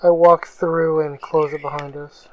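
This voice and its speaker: A woman's voice: low-pitched, little pitch movement, measured pace, lo-fi sound, noisy background. A woman playing a tabletop game, asking plain, methodical questions. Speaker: player. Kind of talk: casual tabletop play.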